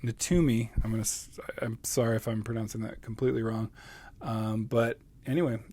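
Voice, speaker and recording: A man in his thirties, chatty and excitable, casually showing off new books and laughing often. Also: lowish voice, brisk, husky. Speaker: book video host. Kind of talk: casual book haul vlog.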